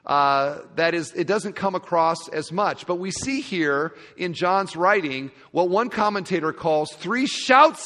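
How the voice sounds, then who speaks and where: A male pastor preaching a sermon to a congregation, expressive, dropping to quiet asides and rising to loud emphasis. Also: fairly high pitch. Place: large church sanctuary. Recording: long reverb of a large hall.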